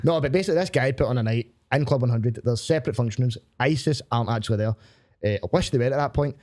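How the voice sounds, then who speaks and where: A man's voice: medium pitch, fast talker, dark tone. A Scottish man, a stand-up comedian, telling gig stories in casual podcast chat, laughing often and swearing freely. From Glasgow, Scotland.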